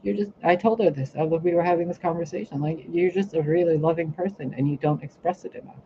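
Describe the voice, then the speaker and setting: She talks fast in a voice on the low side, and the recording sounds muffled. As a spiritual reader and healer, she's bluntly and profanely ranting on her own live stream in a casual way. She's animated and mimics other people's words.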